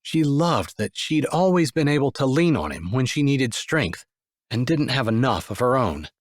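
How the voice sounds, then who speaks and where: Lively, expressive male audiobook narrator. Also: medium pitch, normal speed, no echo, clean studio sound. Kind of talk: scripted narration.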